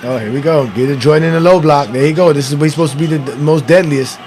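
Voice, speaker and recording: A man hosting a casual watch-along, giving excitable, profane, trash-talking commentary on an old basketball game. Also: a little high, fast talker, slight background noise. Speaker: podcast host.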